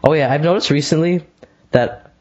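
A man's voice: fairly high pitch, normal speed, darkish tone. Laid-back teen guy, muffled audio. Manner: laid-back, joking, short replies. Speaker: podcast co-host. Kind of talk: casual chat.

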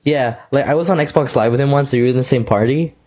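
A man's voice: medium pitch, quick pace, darkish tone. Laid-back teen guy, muffled audio. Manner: laid-back, joking, short replies. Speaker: podcast co-host. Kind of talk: casual chat.

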